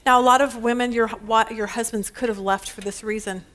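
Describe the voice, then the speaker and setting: High-voiced woman teaching a Bible lesson. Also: fairly even intonation, a little fast, a bit bright. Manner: chatty, laughs often, tells stories. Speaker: women's Bible study teacher.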